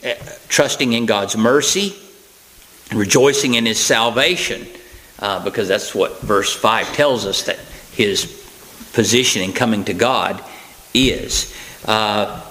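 A man's voice: fairly low pitch, fairly bright tone, rough recording. Man preaching a folksy, chatty sermon. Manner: conversational, with folksy asides and acted-out quotes; plain, unhurried delivery with frequent fillers and restarts.

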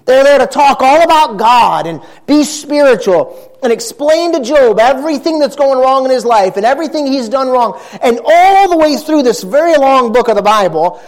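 A man preaching a sermon as pastor, earnest with wry asides. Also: very high voice.

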